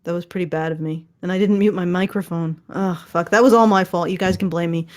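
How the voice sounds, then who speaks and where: A woman's voice: lowish voice, fairly even intonation, fairly quick, a little mellow. A woman hosting a podcast in casual commentary, sarcastic and profane, often restarting her words. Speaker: podcast host.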